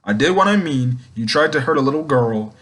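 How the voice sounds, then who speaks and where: A defiant, proud young courtesan, as a man reads her lines in his ordinary voice. She refuses bluntly and flatly, with casual slang. The sound is near-everyday speech, hardly disguised. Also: medium pitch, fairly quick.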